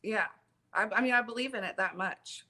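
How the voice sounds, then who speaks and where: Bright-voiced woman telling a story. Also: fairly high pitch, fairly quick. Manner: animated, emphatic storytelling with many fillers. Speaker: guest. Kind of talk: casual storytelling interview.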